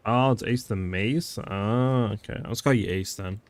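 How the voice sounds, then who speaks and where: A man's voice: lowish voice, unhurried, dry recording. A man streaming a game, chatting loosely with his viewers and filling his talk with "like" and "you know". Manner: rambling, heavy on fillers like "like" and "you know"; talks to chat by name, easily restless. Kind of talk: casual live-stream chat while gaming.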